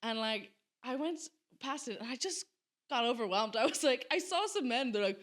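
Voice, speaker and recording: A woman hosts a live comedy podcast in a loose, chatty way. Her voice sits a little high. She giggles often and retells her stories with dramatic, acted-out quotes. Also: lively intonation, normal speed.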